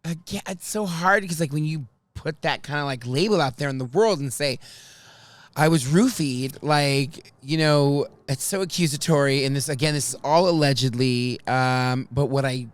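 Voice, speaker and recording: A man's voice: fairly high pitch, moderate pace, no room sound. A man hosting a casual podcast chat, rambling and emotional, laughing often and full of fillers. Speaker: podcast host.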